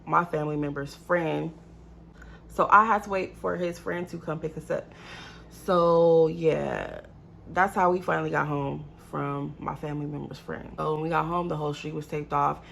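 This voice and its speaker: Gravelly woman telling a storytime vlog. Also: sits low, moderate pace, a little hiss or hum. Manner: animated, addresses viewers as y'all. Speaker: vlogger. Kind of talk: casual storytime.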